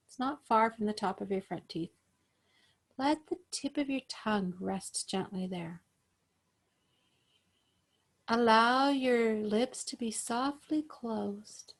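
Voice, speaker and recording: A woman yoga instructor gently guiding breathing exercises over a video call. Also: a little high. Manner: slow, gentle, soothing guidance.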